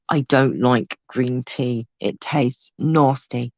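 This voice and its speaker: A woman's voice: rumbling low, slow, hardly any pauses, no echo. Woman, craft livestream host, chatty, teasing; dry, lo-fi home recording. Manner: chatty, reads out viewer comments, teasing asides. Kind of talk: casual livestream craft tutorial.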